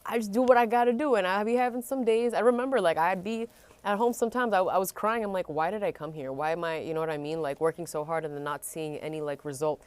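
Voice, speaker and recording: A woman from Vancouver, Canada, chatting candidly as a podcast guest and telling animated stories peppered with swearing. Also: fairly low pitch, fast talker, smooth. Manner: candid, animated storyteller with frequent profanity. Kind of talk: casual chat.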